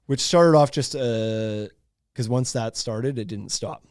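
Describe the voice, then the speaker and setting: A man's voice: medium pitch, slow pace, no echo, clean studio sound. A man in his thirties hosting a podcast, telling a story in a loose, laughing way with lots of fillers. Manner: animated, laughing, many fillers. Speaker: podcast host. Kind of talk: casual storytelling.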